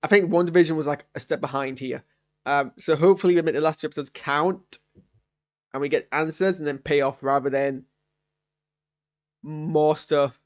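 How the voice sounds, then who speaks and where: A young man with a fairly high voice reviewing an episode live. He rambles, cuts himself off and gets exasperated. He talks as a fan thinking out loud. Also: brisk. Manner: exasperated, rambling, self-interrupting. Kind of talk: live post-watch reaction.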